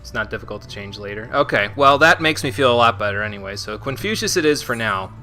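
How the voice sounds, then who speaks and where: A young man with a bright, forceful voice chats casually while streaming a game, often trailing off into quiet mumbles and chuckles. Soft game music hums behind him. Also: mid-range voice, lively intonation, quick pace. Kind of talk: casual gameplay commentary.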